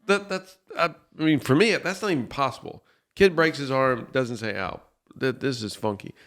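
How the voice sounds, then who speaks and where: A man co-hosting a podcast, emphatic and animated as he recalls his childhood. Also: mid-range voice, normal speed. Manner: animated, emphatic, says "dude". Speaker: podcast host. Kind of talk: casual conversation.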